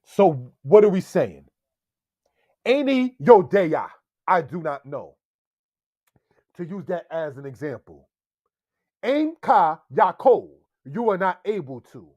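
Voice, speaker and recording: A man teaching Hebrew in a slow, deliberate lesson style, often checking in with "all right?" and calling his viewers family. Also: on the high side, lively intonation, mellow, no echo. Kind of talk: slow screen-share language lesson.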